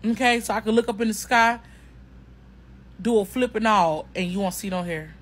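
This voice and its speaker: In a rough recording, a woman with a medium-pitched voice speaks at a moderate pace about a product she has used. She addresses viewers emphatically and casually, saying things more than once in slangy, informal language.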